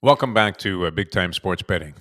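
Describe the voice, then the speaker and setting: A man hosting a sports talk show, telling rambling stories with many filler pauses. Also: low voice, animated, bright, forceful tone, dry recording, studio quality. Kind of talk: casual sports talk with a co-host.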